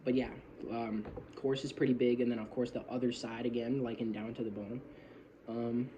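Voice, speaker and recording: A man's voice: mid-range voice, level tone, a little fast, muffled recording, a little hiss or hum. A man talking through song lyrics in a casual, rambling way, apologising often and swearing freely, recorded on a phone. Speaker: metal fan analysing song lyrics. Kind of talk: casual rambling video commentary. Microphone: phone camera.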